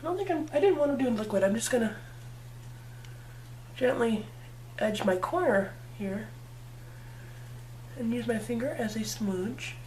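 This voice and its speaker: A woman's voice: fairly high pitch, expressive, unhurried, pauses often, darkish tone, slight background noise. A woman chatting playfully through a makeup tutorial, talking to herself as she works. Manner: chatty, playful, talks to herself while working. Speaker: makeup vlogger. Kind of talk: casual makeup tutorial chat.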